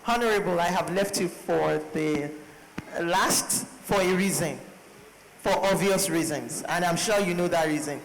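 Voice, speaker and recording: A man's voice: high-pitched, a little slow, a little hiss or hum. A man moderating a panel, summarizing the speakers and putting them on the spot. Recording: long hall reverb.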